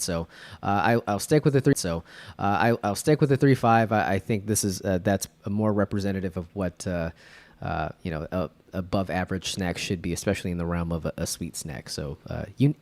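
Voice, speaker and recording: Low-voiced teasing podcast host, man. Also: darkish tone, dry recording. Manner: wry, teasing, halting with many fillers. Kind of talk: casual snack-tasting chat.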